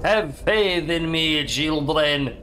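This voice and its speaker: A man's voice: a little high, takes it slowly, sharp tone, a little hiss or hum, pitched below the performer's own voice. A man voicing a boastful young male hero who solemnly proclaims his might. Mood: grandiose.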